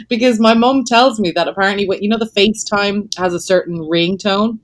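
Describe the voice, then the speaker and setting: A middle-aged Irish woman hosting a podcast, chatting casually and laughing often, her sentences trailing off softly. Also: medium pitch, a little fast. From Ireland. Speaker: podcast host. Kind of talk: casual interview chat.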